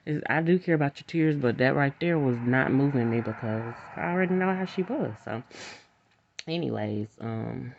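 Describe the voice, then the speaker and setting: A woman's voice: rumbling low, normal speed, gravelly. A woman talking in a casual monologue, rambling and frank, laughing often. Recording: dull lo-fi recording.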